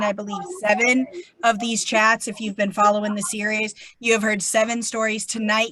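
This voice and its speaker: A woman with a New England accent hosting a casual faith chat, talking in an animated, chatty way with plenty of fillers. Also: medium pitch, no echo. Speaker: host.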